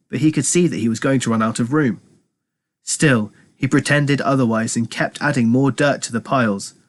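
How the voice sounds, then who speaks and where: A man, a teacher, reading a novel aloud to children in steady, clear storytelling narration. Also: mid-range voice. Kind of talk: audiobook read-aloud narration.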